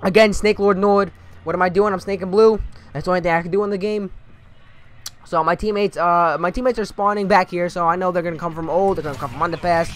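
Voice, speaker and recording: A young man giving casual, sarcastic commentary over his own gameplay, swearing freely and breaking into animated outbursts. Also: high voice, quick pace. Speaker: gaming commentator.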